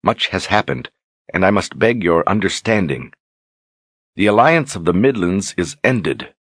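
A solemn young queen reads a grave letter aloud in a storybook, voiced by a man. The tone stays low, husky and measured. The reading is dry and close. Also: big pitch swings, no echo, heavily acted.

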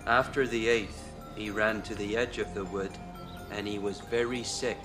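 An actor playing a stunned working man recounting what he saw, slow and measured. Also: fairly low pitch, steady tone, music in the background, lightly acted. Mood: shaken. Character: stunned male eyewitness worker, plain spoken.

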